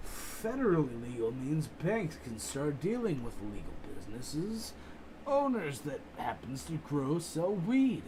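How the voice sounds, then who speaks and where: A man's voice: on the high side, sing-song, measured pace, dark tone, a little hiss or hum, low-quality recording. Rambling, profane male streamer. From United States. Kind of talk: casual live-stream chat reading comments.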